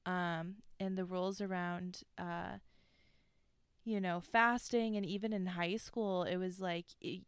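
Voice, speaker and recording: A young woman co-host with a very clear voice and blunt opinions. The dry, close sound leaves no room echo around her. She talks frankly and swears freely. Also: on the low side, steady tone, a little slow. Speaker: podcast co-host. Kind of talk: casual chat.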